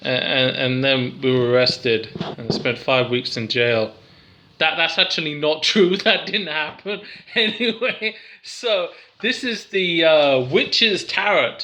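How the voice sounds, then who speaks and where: A man's voice: fairly high pitch, slow, bright, forceful tone, slight background noise. A young English man rambling through a casual, giggly, self-deprecating card review.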